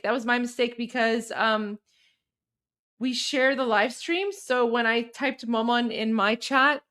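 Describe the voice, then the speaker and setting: High-voiced woman chatting on a livestream. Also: fairly bright tone. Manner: chatty, rambling, reading chat aloud. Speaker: livestream host. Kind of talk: casual livestream chat.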